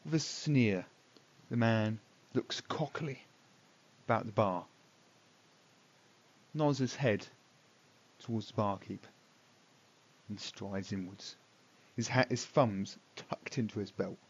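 A man narrating a tabletop game as dungeon master, in a deliberate manner. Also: fairly low pitch, slightly rough. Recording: dull lo-fi recording.

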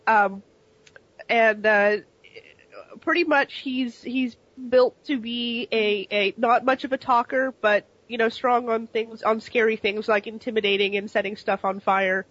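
A woman's voice: a little high, fairly even intonation, measured pace, a bit bright, no room sound, dull audio. A woman playing a tabletop game, chatting with frequent giggles and apologies. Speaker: player. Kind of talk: casual tabletop game talk.

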